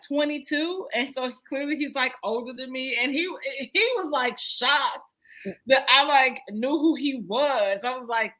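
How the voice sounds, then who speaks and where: Chatty young woman with a bright voice. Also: high-pitched. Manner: chatty, frequent "like" fillers. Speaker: podcast guest. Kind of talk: casual chat.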